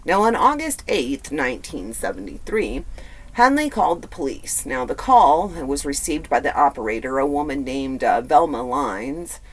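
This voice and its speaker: A man's voice: a little high, sing-song, moderate pace. Man telling a true crime tale casually. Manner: conversational, swears and adds blunt asides; filler-heavy, repeats words. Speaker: true crime podcast host.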